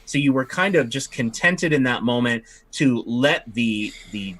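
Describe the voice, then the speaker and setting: A man's voice: medium pitch, animated, unhurried, a bit bright. A man narrating as game master, rambling with many fillers and restarts.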